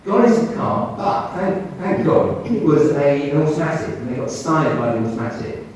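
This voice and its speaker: Male doctor, storyteller, very expressive, distant mic in a big echoey room. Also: normal speed, slight background noise. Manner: animated, swings his pitch when quoting others. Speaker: doctor giving a talk. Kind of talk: storytelling talk to an audience. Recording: roomy hall, mic at a distance.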